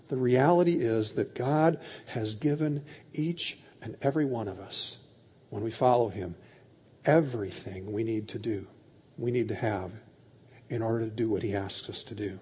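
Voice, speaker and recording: A male pastor giving a sermon, retelling scripture in lively paraphrase with animated voices for the characters and often repeating words as he starts sentences. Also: mid-range voice, moderate pace, slightly rough. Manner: animated storytelling, voices God and Moses in casual paraphrase. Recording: dull lo-fi sound with long hall reverb.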